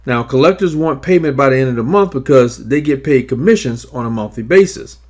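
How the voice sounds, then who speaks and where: A man narrating scripted instructions on negotiating debts, in a measured, emphatic coaching manner. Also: mid-range voice, animated. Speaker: credit repair advisor.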